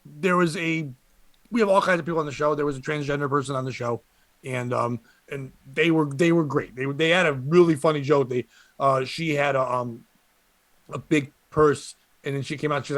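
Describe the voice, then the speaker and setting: A man hosting a comedy podcast, telling stories in an animated way and laughing often. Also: fairly high pitch, a little fast, dry recording. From Connecticut. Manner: animated storytelling with frequent laughter. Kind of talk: casual comedy podcast chat.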